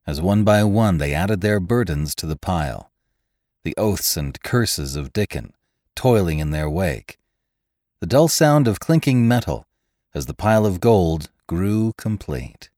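A man reading a classic adventure tale aloud as narrator, measured and expressive. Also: deep voice, no echo, clean studio sound. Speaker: podcast narrator. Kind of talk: scripted audiobook narration.

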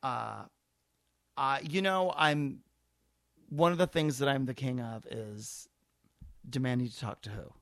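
Animated, profane male storyteller, dry studio sound. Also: medium pitch, measured pace, gravelly, pauses often, dry recording. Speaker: podcast host telling a story. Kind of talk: casual chat.

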